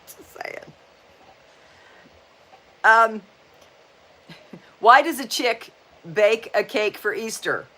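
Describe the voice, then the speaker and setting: This woman in her sixties talks extremely slowly with frequent pauses, her voice high-leaning, pushed, and bright. As host of a casual livestream chat, she's folksy and talkative, upbeat while delivering corny jokes, and she keeps tossing in "just saying."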